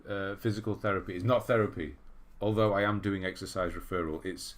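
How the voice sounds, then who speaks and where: Deep and steady, slightly fast: an English livestream host casually reads through chat messages out loud, laughing at himself along the way.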